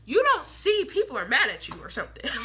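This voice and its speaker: A woman's voice: sits high, huge pitch swings, fast, very noisy. A young woman doing a casual tarot reading, chatty and blunt, full of slang and swearing, and she acts out the people she quotes. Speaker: tarot reader.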